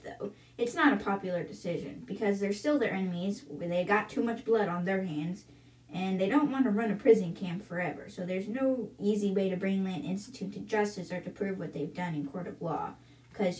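A woman's voice: medium pitch, a little mellow. A woman hosting a book podcast, casually retelling the chapters with lots of fillers. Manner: chatty, filler-heavy retelling. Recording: roomy, distant from mic.

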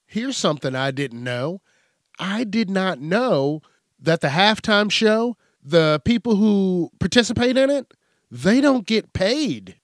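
A man's voice: high-pitched, a bit bright, no room sound, studio quality. A man hosting an angry, profane news commentary rant.

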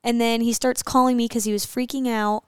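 A woman's voice: on the high side, little pitch movement, fairly quick, smooth, no echo, clean studio sound. A pregnant woman co-hosting a casual podcast, telling stories in a chatty way and laughing often. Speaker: podcast co-host. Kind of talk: casual couple's podcast chat.

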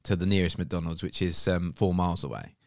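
A man's voice: low-pitched, brisk, no echo, clean studio sound. A middle-aged man co-hosting a podcast in casual chat, with frequent restarts. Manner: chatty, with repeated restarts. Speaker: podcast co-host.

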